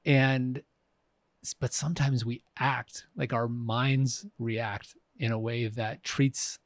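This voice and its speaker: This podcast co-host, a man in his fifties, talks slowly in a medium pitch with little movement, and the recording has no echo. The conversation is casual and reflective, with frequent fillers and restarted sentences.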